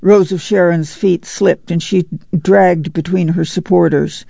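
A narrator reading a novel aloud at a steady, measured pace. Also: medium pitch, creaky, dry recording, dull audio. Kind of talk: audiobook narration.

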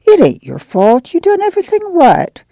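A man voicing a middle-aged mother who speaks softly and reassuringly. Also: extremely high pitch, wildly swooping pitch, moderate pace, vocal fry, dry recording, pitched above the performer's own voice, heavily acted. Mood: gentle. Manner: soft, reassuring. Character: gentle middle-aged mother, warm and steady.

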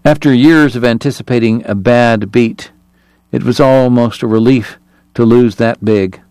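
A man reading an audiobook in a measured, even storytelling manner. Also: mid-range voice, clean tone, no room sound. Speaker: narrator. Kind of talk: audiobook narration.

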